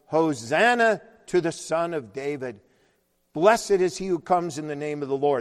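Slow-preaching man in an echoing hall. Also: on the high side. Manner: explains slowly, rises loud on quoted scripture. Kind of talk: sermon. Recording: long hall reverb.

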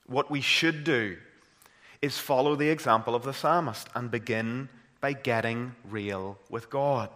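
A man's voice: mid-range voice, a little slow, fairly bright tone. A man with a Northern Irish accent delivers a sermon in a mid-range voice. He speaks earnestly and rises to fervent emphasis on key points. A long reverb from the church hall trails behind his words. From Northern Ireland. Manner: earnest, builds to impassioned emphasis. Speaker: preacher.

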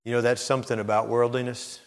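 Here a fast-talking preacher with a medium-pitched, level voice addresses the congregation in a sermon. With mounting, emphatic force he rises to near-shouts, and the recording carries long hall reverb.

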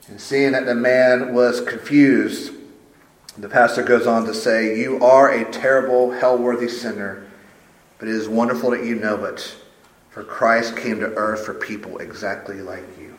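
A man's voice: mid-range voice, slight background noise. A man preaching a sermon as pastor, stressing points by repeating phrases. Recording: roomy echo.

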